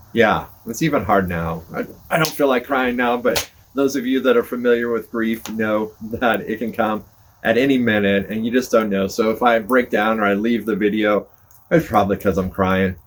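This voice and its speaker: Older guy rambling folksy by a porch fire, lowish voice, faint outdoor hum behind. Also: normal speed. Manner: folksy, rambling, self-deprecating. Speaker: podcast host. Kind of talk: casual chat to camera. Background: fire crackling, passing cars.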